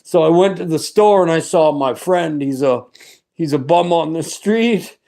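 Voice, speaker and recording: A man's voice: fairly high pitch, a little slow, creaky, warm tone. Fervent, earnest middle-aged man. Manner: earnest, rambling, fervent, with restarts. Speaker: vlogger giving a testimony. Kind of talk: personal religious testimony.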